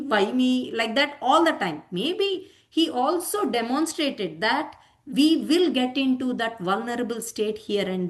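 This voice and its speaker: A woman giving a devotional discourse, animated, acting out quotes and checking in with "hmm?" and "huh?" asides. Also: sits high. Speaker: spiritual teacher.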